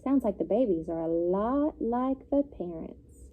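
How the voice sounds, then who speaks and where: Expressive teacher reading aloud, slow. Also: female voice, mid-range voice, narrow, tinny audio. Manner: expressive, pausing to comment and explain. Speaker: elementary school teacher. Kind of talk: children's read-aloud.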